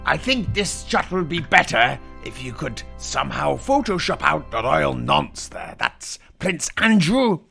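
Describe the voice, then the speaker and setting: A man's voice: fairly high pitch, very animated, unhurried, vocal fry, hardly any pauses, sharp tone. A man giving irreverent live commentary in a mock pirate voice, dropping growling asides between jokes. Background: faint music from the broadcast feed.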